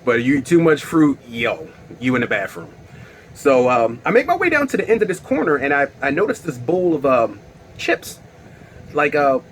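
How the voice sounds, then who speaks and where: A man's voice: a little high, fairly bright tone, a little hiss or hum. A man telling a personal story in a casual, slangy way, with lots of fillers and laughs. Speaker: storyteller vlogger.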